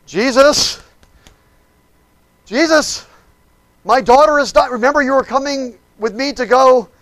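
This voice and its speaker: A man's voice: very high voice, measured pace, dry recording, voice pushed up. A preacher crying out as a frantic, pleading father. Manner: frantic shouting, urgent. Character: desperate father pleading, middle-aged man.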